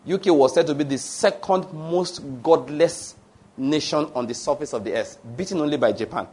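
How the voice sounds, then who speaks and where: Male preacher, slightly high voice, emphatic and digressive. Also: moderate pace, darkish tone, husky. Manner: emphatic, asks the congregation questions and answers them; digressive, with restarts and fillers. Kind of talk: sermon.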